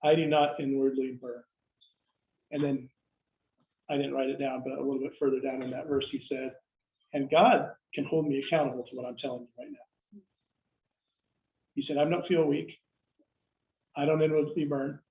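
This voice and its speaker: A man's voice: mid-range voice, fairly even intonation, normal speed, creaky, long pauses. A middle-aged man preaching a sermon in a conversational way, stopping himself mid-sentence and acting out people's reactions. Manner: conversational, self-interrupting, acts out quoted reactions. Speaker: pastor. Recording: echoey room over a tinny phone-like line.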